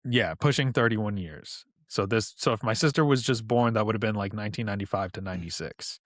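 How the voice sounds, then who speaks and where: A man in his thirties from New York, a podcast guest telling personal stories in a relaxed, conversational way with asides. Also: on the low side, a little fast, no echo, studio quality. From New York, USA. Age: 30s. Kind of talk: casual storytelling.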